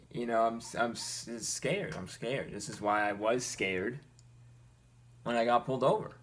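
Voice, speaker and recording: Earnest gravelly man talking to camera. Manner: earnest, animated, rising in pitch when exasperated. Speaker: vlogger. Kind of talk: personal commentary to camera.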